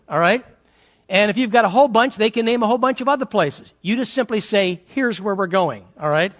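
A man preaching a sermon as a pastor in church, telling stories and acting out family arguments. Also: high voice. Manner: animated storytelling, acts out family quarrels.

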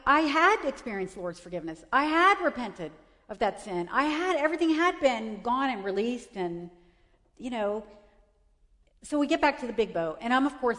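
A woman's voice: on the high side, a bit bright, in a large hall. A middle-aged woman telling a personal faith testimony, emotional and full of restarts. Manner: emotional storytelling with many restarts. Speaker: speaker giving a testimony.

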